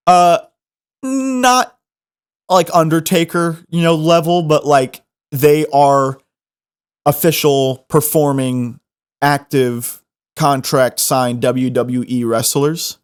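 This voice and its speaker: A young man hosting a podcast, telling a funny story in an animated, self-mocking way. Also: fairly high pitch, takes it slowly, long pauses, smooth. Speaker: podcast host. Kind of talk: comedic storytelling.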